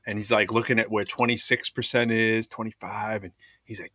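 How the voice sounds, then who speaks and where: A man's voice: fairly low pitch, normal speed. A man in his thirties, co-hosting a casual podcast chat, telling stories and acting out the people he quotes. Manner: animated storyteller, acts out quoted voices. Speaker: podcast co-host.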